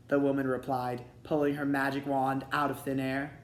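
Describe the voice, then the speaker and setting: A man's voice: medium pitch, flat delivery, moderate pace, hardly any pauses. Man reading a storybook aloud. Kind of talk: read-aloud storybook narration. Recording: roomy echo.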